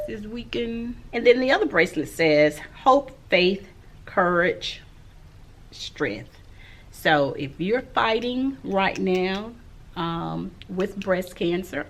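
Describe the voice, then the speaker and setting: Middle-aged woman teacher, low gravelly voice, unhurried vlog delivery, faint room hum behind. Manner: slow, soft-spoken and reflective, with frequent "um". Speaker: elementary school teacher. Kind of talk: casual vlog talk to camera.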